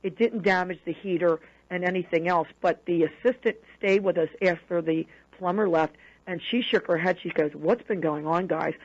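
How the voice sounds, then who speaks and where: A woman guest on a radio show, telling a personal story in an animated way and acting out the quoted dialogue. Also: lowish voice, normal speed. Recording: dull lo-fi radio broadcast audio.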